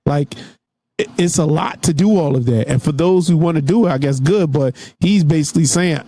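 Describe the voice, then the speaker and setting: A man's voice: fairly high pitch, fairly quick, mellow. A man co-hosting a casual podcast debate, laid-back, explaining his side with examples and acted-out quotes. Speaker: podcast co-host.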